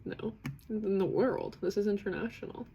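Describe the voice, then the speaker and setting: Chatty woman with a gravelly edge. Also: mid-range voice, moderate pace, slight background noise. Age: 30s. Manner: chatty and warm-hearted, laughs often, talks in rambling restarts. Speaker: host of a live self-acceptance session. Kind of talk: casual live-stream talk, reading chat comments.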